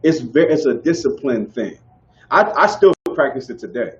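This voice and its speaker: A man teaching a group in casual preaching style, animated and conversational, often asking whether listeners follow. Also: medium pitch, moderate pace, muffled recording. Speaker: street teacher.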